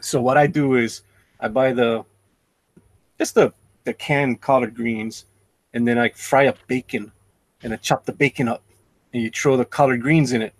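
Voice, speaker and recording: A man's voice: mid-range voice, fairly even intonation, normal speed, pauses often, no echo. A middle-aged man chatting casually and rambling happily about home cooking. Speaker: live-stream artist. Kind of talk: casual chat.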